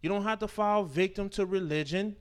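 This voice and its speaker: Man preaching, high voice, emphatic sermon delivery, loud then quiet, slows on key words, informal speech, rhetorical questions. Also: clean tone. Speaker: teacher of a Sabbath scripture class. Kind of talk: sermon, reading and explaining scripture.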